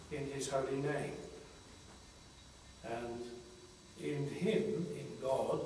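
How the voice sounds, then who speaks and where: An older man giving a slow, reflective spiritual talk at a conference panel, pausing often between phrases. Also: a little high, warm tone, a little hiss or hum. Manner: slow, reflective, with long pauses. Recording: echoey hall from far off.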